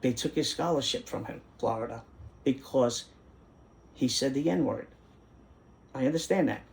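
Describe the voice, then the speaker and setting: A man's voice: mid-range voice, measured pace, creaky. Indignant middle-aged man. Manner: indignant, rambling, repeats phrases for emphasis. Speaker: host. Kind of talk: casual monologue rant.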